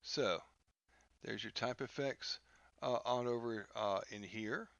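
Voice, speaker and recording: A man teaching a software lesson over a screen recording, talking haltingly with many fillers and restarts. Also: medium pitch, creaky, no room sound, lo-fi sound. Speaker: instructor.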